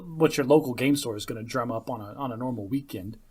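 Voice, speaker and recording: A man from Arizona co-hosting a podcast in casual chat, halting and restarting as he jokes. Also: medium pitch, darkish tone, husky. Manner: halting, self-interrupting, joking. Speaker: podcast co-host.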